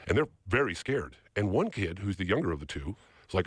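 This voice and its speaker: A man's voice: on the low side, very animated, fast talker, husky, no echo, clean studio sound. A man, a podcast guest, telling a long story with energy and acting out other people's lines in quotes. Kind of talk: animated storytelling.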